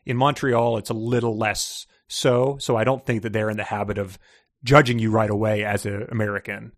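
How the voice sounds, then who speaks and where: A man co-hosting a casual book podcast, animated and jokey, sometimes rising to mock outrage. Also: fairly low pitch, a little fast, no room sound, studio quality. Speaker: podcast co-host.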